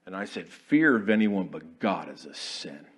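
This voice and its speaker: A man, an Army chaplain preaching a folksy, storytelling sermon in a church, dropping to quiet asides and rising to loud declarations. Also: deep voice, big pitch swings, normal speed, slight background noise. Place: church sanctuary.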